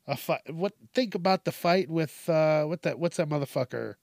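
A man's voice: a little high, measured pace, creaky, a little mellow, no echo, clean studio sound. A man hosting a podcast alone, rambling through a casual, profane, self-mocking monologue. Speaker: podcast host.

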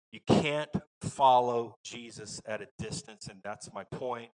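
A pastor with a Southern American accent and a mid-range voice preaches a sermon a little slowly, folksy and emphatic, swinging between loud bursts and quiet asides. The recording quality is low.

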